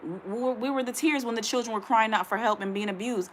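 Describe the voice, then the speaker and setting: Speaking fast in a slightly high voice, this young Ohio woman gives her viewers casual, blunt commentary on a news article she reads out, tripping over the words now and then. There's slight background noise.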